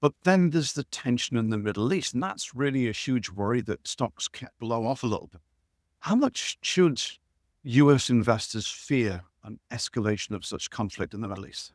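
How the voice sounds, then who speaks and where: A man's voice: mid-range voice, lively intonation, moderate pace, no echo. Guy hosting a podcast, asks the questions, mid voice, dry sound. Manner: poses questions to guests. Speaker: podcast host. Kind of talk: podcast interviewing.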